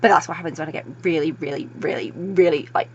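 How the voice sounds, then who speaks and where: Gushing fast-talking woman. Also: low-pitched, steady tone, a little mellow, husky. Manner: gushing, breathless, fast-talking with many fillers. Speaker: book reviewer. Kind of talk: excited video book review. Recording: dull lo-fi recording.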